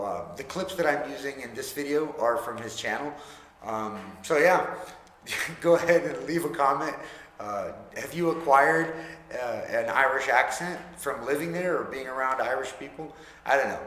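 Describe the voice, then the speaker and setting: A man chatting casually to camera as a vlogger, relaxed and self-deprecating. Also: mid-range voice, a little slow. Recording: echoey room with long reverb.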